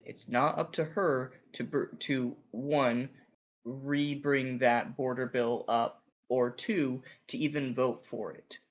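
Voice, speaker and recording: A man co-hosting a podcast who recounts a news story step by step in a measured way. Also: medium pitch, steady tone, dull audio. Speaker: podcast co-host. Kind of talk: political commentary chat.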